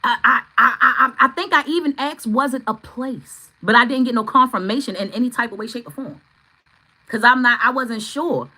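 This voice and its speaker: A woman doing a live tarot reading, chatting with viewers, excitable and swearing freely. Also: fairly high pitch, normal speed, low-quality recording. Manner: excitable, swearing, bursts into shouts. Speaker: tarot reader.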